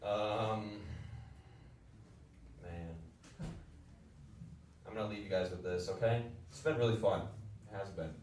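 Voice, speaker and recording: A man's voice: fairly low pitch, steady tone, slow pace, pauses often, a little mellow. A young man doing a stand-up comedy set, rambling and self-deprecating, with loose asides to the crowd. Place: comedy club stage. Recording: echoey room, distant mic, audible room noise. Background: audience laughter.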